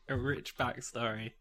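A man's voice: medium pitch, steady tone, slow, a bit bright. A man co-hosting a casual podcast, joking around and laughing often. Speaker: podcast co-host. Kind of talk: casual chat.

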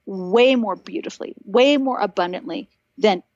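A middle-aged woman, a guest on a podcast, telling stories in an animated, earnest and encouraging way. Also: medium pitch, moderate pace, dry recording, lo-fi sound. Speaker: podcast guest, author and speaker. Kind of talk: casual chat.

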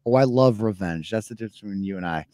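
A man's voice: lowish voice, fast talker, warm tone, no echo. A man in his thirties hosting a live podcast, ranting in a casual, profane and mocking way. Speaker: podcast host. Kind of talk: casual live-show rant.

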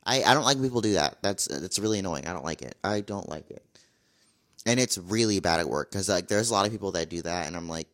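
A man's voice: deep voice, expressive, fast talker, fairly bright tone. A young man talking casually to camera in a vlog, blunt and exasperated, repeating his complaints. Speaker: vlogger.

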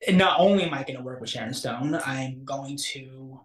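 A young man, an actor, telling a story in a casual interview, animated and acting out the quotes. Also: normal speed. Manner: animated, acts out quotes with big pitch jumps. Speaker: actor guest. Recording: roomy echo.

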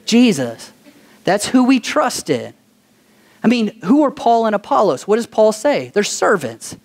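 A pastor preaching a sermon, asking the congregation questions for call-and-response and telling stories with animation. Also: male voice, high-pitched, measured pace. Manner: animated storytelling.

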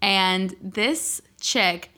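A young woman chats loosely with a friend, packing her story with slang and swear words. Her voice is bright and forward at a middle pitch. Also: very slow. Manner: slangy, swears a lot, animated retelling with laughs. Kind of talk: casual storytelling chat.

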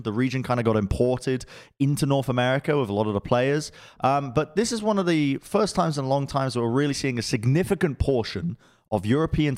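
A man hosting a casual esports discussion, chatty and quick to laugh. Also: medium pitch. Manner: relaxed, chatty, laughs easily. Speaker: esports podcast host.

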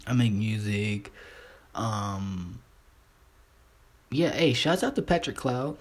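A man's voice: on the low side, expressive, takes it slowly. A man hosting a casual solo podcast, talking in a laid-back, rambling, profane way, stuttering and restarting often. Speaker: podcast host.

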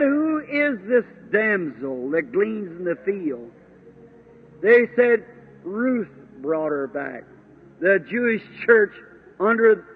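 A man preaches with a very high, husky voice, stretching each phrase slowly and fervently. His voice comes through a thin, tinny old tape recording. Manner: fervent, slow and drawn-out, with exclamations. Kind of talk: sermon.

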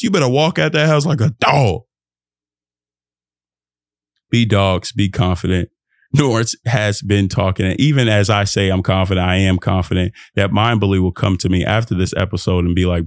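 A man's voice: mid-range voice, normal speed, no echo, clean studio sound. A young man from Texas hosting his own podcast, giving a rambling, preachy motivational rant that jumps between thoughts and breaks into laughs. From Texas, USA. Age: young adult. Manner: animated, emphatic, laughs often. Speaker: podcast host.

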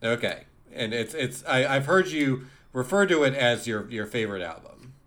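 A man's voice: mid-range voice, expressive, moderate pace, fairly bright tone. A man co-hosting a music podcast, talking casually with frequent laughter and repeated words. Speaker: podcast co-host. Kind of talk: casual chat.

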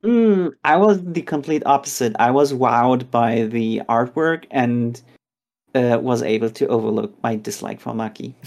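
Podcast co-host, casual recap, animated storyteller, acts out character voices. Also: medium pitch, measured pace, vocal fry. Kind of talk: casual chat recapping a chapter.

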